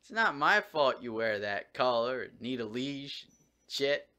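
A man's voice: medium pitch, very animated, measured pace, pushed and bright, dry recording. A man vlogging casually, short on sleep, talking to his dog in an exasperated, swearing, mock-scolding way.

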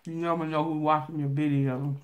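Loud-laughing Southern country woman. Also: low-pitched, flat delivery, a little fast, highs cut off, slight background noise. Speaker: vlogger. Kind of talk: casual storytelling while eating.

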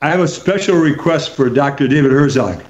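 Halting male pastor in an echoey room. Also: a little high, animated, highs cut off, heavy background noise. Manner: halting, repeats words. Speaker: pastor host.

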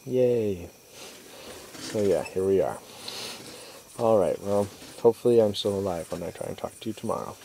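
A man's voice: low voice, fairly quick, vocal fry, mellow, a little hiss or hum. A young man vlogging at night from a stalled vehicle, telling his travel story in a chatty, exasperated way full of "like" and acted-out quotes. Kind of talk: casual video diary storytelling. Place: inside a stalled vehicle at night by a rural road.

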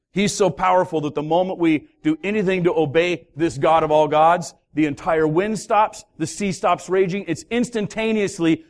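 A pastor preaching a sermon, telling a story with lively, acted-out voices of its characters. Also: male voice, on the high side. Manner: animated storytelling, acting out voices of the sailors. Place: church hall.

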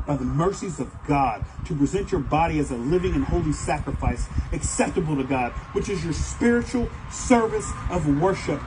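A man preaching a sermon in a church, telling stories in an animated way and acting out the voices of other people. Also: on the high side, noisy background. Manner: animated storytelling, acts out voices, fast bursts. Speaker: pastor.

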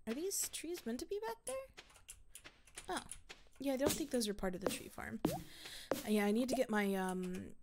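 A chatty woman talks through her gameplay, rambling and thinking aloud with easy laughs. Her voice sits a little high. Loud mouse and keyboard clicks run under her talk. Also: animated, moderate pace, pauses often, noisy background. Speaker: let's play video creator. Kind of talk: casual gameplay commentary.

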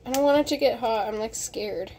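A woman's voice: fairly high pitch, fairly quick, warm tone. A young woman narrating a casual cooking vlog in a chatty, nervous, giggly way. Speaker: vlogger. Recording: noisy home recording.

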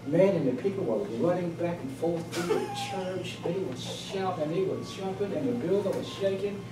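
A man, giving a humorous personal storytelling speech at a club meeting in a lively, emphatic way. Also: high-pitched, normal speed, over music. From South Carolina, US. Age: 60s. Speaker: club speaker. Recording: echoey room, distant mic, background noise.

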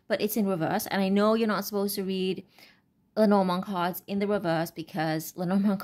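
Woman, tarot reader, casual rambling delivery, stops and restarts, mid pitch. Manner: rambling, halting, many fillers and restarts. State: brain fog, stuttering. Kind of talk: casual unscripted tarot reading.

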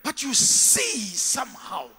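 A man who is a bishop preaching a sermon, animated and full of call-and-response with his congregation, in a large church. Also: very high-pitched, slow pace, husky. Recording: live church sound with long hall reverb.

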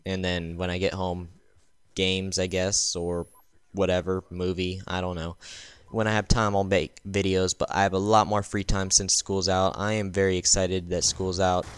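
A tired man talking over his gameplay in a loose, rambling way, tripping over his words and reaching for ums. His voice sits on the low side and comes through smooth and clean. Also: level tone, moderate pace, no echo. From United States. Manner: rambling, full of ums and restarts. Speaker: gaming channel host. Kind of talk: casual gameplay voice-over commentary.

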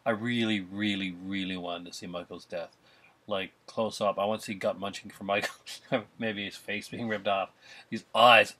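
A man with a low, husky voice gives blunt, opinionated takes on a film. He chuckles often as he argues his points in a casual way. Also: fairly even intonation, normal speed, pushed and bright. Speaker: podcast co-host. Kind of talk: casual film review chat.

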